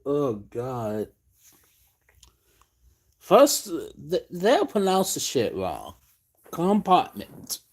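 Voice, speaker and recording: Slow, swinging male stream host rant. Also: mid-range voice, huge pitch swings, slightly rough. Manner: profane, ranting, exasperated. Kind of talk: late-night live stream rant.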